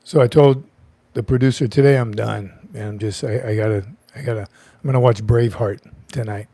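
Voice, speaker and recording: A man's voice: on the low side, fairly even intonation, brisk, dark tone, no echo. Chatty man hosting a livestream. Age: middle-aged. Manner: chatty, greets viewers by name, joking asides. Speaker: livestream host. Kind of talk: casual livestream chat.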